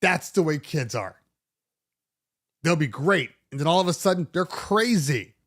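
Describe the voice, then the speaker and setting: A middle-aged man hosting a DJ podcast, talking casually in an animated, sarcastic way with many restarts. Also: a little high, a little slow. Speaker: DJ podcast host. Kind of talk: casual monologue.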